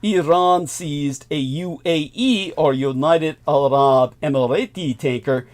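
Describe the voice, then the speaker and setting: A man's voice: on the high side, takes it slowly, darkish tone. Sardonic man holding a long monologue. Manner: emphatic, sardonic asides with chuckles. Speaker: host. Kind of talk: monologue on current affairs.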